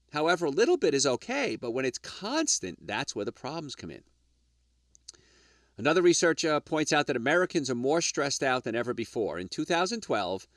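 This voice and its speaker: In a studio-quality, echo-free recording, a middle-aged or older man with a mid-range, slightly bright voice hosts a health radio show. He lectures emphatically, tossing out rhetorical questions and asides to "folks."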